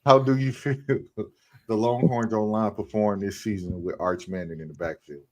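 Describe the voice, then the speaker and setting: A man with a fairly low voice hosts a casual sports podcast. He talks loudly and teases the others, laughing often between remarks. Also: fairly even intonation, normal speed. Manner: loud, teasing, laughs often. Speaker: podcast host.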